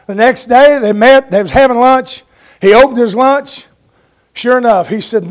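Folksy high-voiced preacher. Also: male voice, normal speed. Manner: folksy, addressing congregation as folks, asks amen. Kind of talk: sermon.

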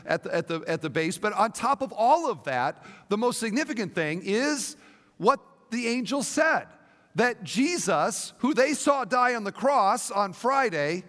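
Pastor guy with a high voice preaching, really animated, long echo like a big church hall. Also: measured pace. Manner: animated, dramatic storytelling with rhetorical questions. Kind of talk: sermon.

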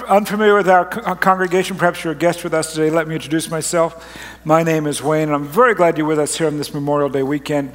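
A man preaches in a folksy, chatty way, breaking off and restarting as he tells a story. His voice sits a bit high for a man. The sound carries the long reverb of a large church auditorium. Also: fairly bright tone. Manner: folksy, rambling, self-interrupting. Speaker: pastor. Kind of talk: sermon with personal story.

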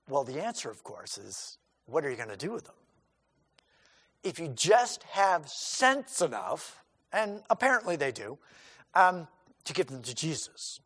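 A man's voice: fairly high pitch, big pitch swings, unhurried, pauses often, fairly bright tone, husky, big-room sound. A man preaching a sermon in a conversational, folksy way, acting out scenes with quoted voices and many asides. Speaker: pastor.

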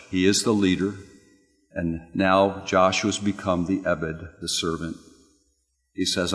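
Male preacher, deep-ish voice, dramatic sermon delivery, long church reverb. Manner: dramatic swings from loud exclamations to hushed low passages.

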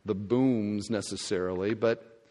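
A pastor giving a sermon, telling stories in a lively way and acting out the scenes. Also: male voice, fairly low pitch, unhurried. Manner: animated storytelling, acting out scenes. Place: large church hall. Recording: long reverb of a church hall.

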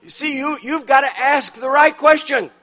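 A man's voice: very high-pitched, moderate pace, sharp tone. A man preaching a sermon in a church, telling humorous stories and building to emphatic punchlines. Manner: storytelling with dramatic punchlines, emphatic rises. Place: church auditorium.

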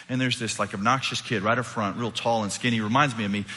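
A male pastor delivers a sermon in a big church hall, and his words ring on in its long reverb. His bright, forceful voice carries lively stories and jokes, jumping from hushed to loud. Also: lowish voice, rapid-fire, few pauses. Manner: animated, humorous storyteller with sudden loud and soft swings. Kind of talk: sermon with personal storytelling.

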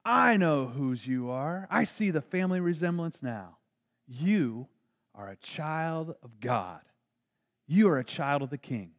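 A man voicing a kindly small-town preacher who speaks slowly and gently. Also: sits high, big pitch swings, pitched above the performer's own voice, full character voice. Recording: dull lo-fi recording.

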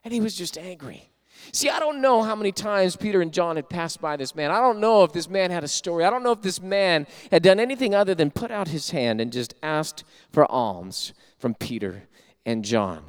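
A man preaching a sermon as a pastor, telling a story with animated delivery and acting out what people said. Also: high voice, normal speed. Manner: animated storyteller who acts out quoted voices.

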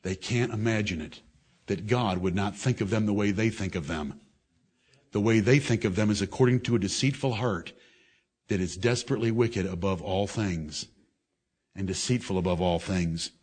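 A man delivers a fiery sermon in a confrontational, scolding manner. He swings from loud, raised declaiming to low, intense reasoning aimed straight at his listeners. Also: moderate pace, breathy edge. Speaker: preacher.

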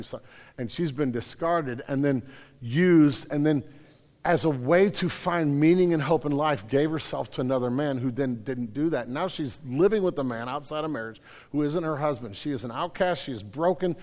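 A man delivering a sermon, reading scripture passages aloud before retelling them in a loose, animated, conversational way. His voice sits a little high for a man. The sound carries a long reverb, as in a large hall or sanctuary. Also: normal speed. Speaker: pastor.

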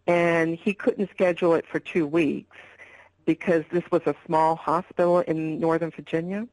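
Older woman guest, candid and rambling storyteller, fairly low voice, dry sound. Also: level tone, unhurried, a little mellow, no echo, low-quality recording. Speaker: interview guest. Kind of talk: personal health story in an interview.

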